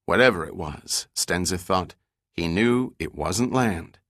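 A man giving measured, scripted audiobook narration of an adventure novel. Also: sits low, no room sound, clean studio sound. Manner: even, measured storytelling.

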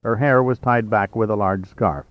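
A man narrating a novel as an audiobook reader in a steady, measured way. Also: lowish voice, dry recording. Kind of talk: scripted narration. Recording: slightly dull, dry.

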